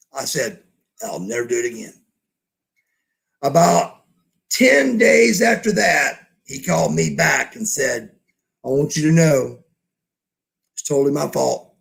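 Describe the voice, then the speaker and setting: Gravelly profane man telling a story. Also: fairly high pitch, a bit bright. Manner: profane, blunt, acts out quoted dialogue. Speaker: podcast guest. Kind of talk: casual storytelling.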